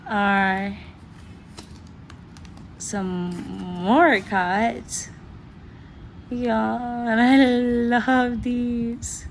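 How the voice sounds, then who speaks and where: A woman's voice: a little high, drawn-out words, pauses often, a little hiss or hum. A teenage girl, chatting casually and gushing through an unboxing, often giggling. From Pakistan. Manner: gushing, giggly, excitable fan talk. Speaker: vlogger.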